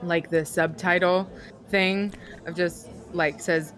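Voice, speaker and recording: A woman's voice: fairly low pitch, steady tone, takes it slowly, a crowd in the background. A woman playing in a tabletop game, chatting casually with many fillers. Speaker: player. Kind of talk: casual tabletop play chat.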